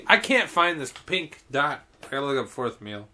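Joking man with a bright, lively voice. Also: medium pitch, moderate pace. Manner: joking, rambling, playfully exasperated. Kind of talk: casual chat over gameplay.

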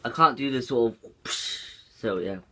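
A man's voice: medium pitch, normal speed, sharp tone. A young man chatting casually for a vlog, rambling and swearing often. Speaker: YouTuber.

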